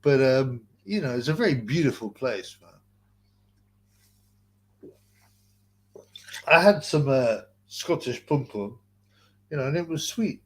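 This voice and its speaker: A man's voice: mid-range voice, lively intonation, slow, pauses often. A man hosting a casual livestream, reading out chat messages and rambling bluntly, swearing and calling viewers bro. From England.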